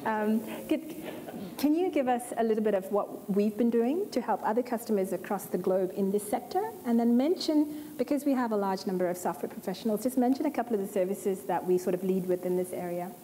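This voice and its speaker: Mellow-voiced woman moderating a panel. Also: medium pitch, brisk. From Australia. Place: conference hall. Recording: hall reverb, faint noise.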